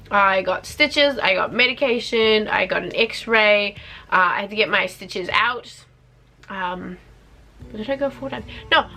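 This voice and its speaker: A young woman telling a story to camera in a chatty, animated way, acting out what people said. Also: medium pitch. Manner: chatty, animated, acts out quotes. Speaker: vlogger.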